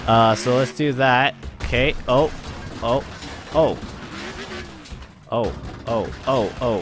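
A man's voice: medium pitch, slow pace, long pauses, music in the background. A man hosting a gaming channel, giving rambling let's-play commentary with lots of laughter and exclamations. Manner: excitable, laughs and exclaims often; rambling, repeats himself.

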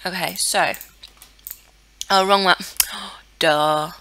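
A woman's voice: fairly low pitch, fairly even intonation, extremely slow, bright, forceful tone. A young woman giving casual commentary on a life-sim game, chatty and easily flustered, talking to the characters on screen. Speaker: let's play gamer.

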